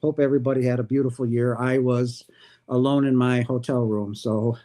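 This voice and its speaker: A man hosting his own livestream, telling a personal spiritual story in a casual, animated way and acting out what people said. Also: mid-range voice, moderate pace. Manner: animated, acts out quoted dialogue. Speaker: livestream host.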